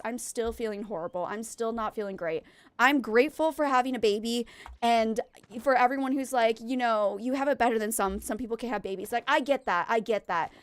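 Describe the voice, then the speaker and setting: A woman's voice: a little high, clean tone, no echo. A young woman streaming a game, chatting casually and rambling as she vents to her viewers between game moments. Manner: rambling, venting, talks to chat while playing. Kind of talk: casual chat while gaming.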